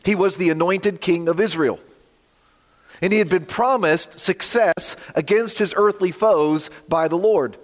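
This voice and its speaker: With a slightly croaky, high-sitting voice, a man preaches a sermon earnestly and emphatically, slowing down for dramatic drops. A long hall reverb hangs on the recording.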